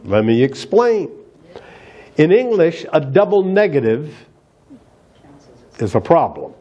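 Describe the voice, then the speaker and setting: Man, pastor, sermon, unhurried delivery, emphatic, rhetorical questions. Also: fairly high pitch, big pitch swings, mellow, muffled recording.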